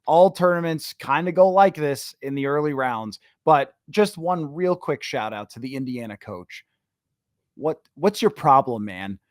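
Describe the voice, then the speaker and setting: Opinionated man, slightly higher voice. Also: animated, measured pace, dry recording, clean studio sound. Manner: opinionated, ranting at times, with frequent "uh" fillers. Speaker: podcast host. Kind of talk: casual sports chat.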